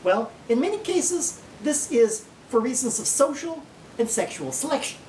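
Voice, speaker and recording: A man putting on a folksy Oklahoma naturalist who lectures in a slow drawl with an Oklahoma accent, his pitch swinging up and down as he makes each numbered point. The voice sits back from the mic in an echoey room. It is a comic mock lecture. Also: big pitch swings, a little mellow, slight background noise. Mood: folksy lecturing. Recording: roomy, distant from the mic.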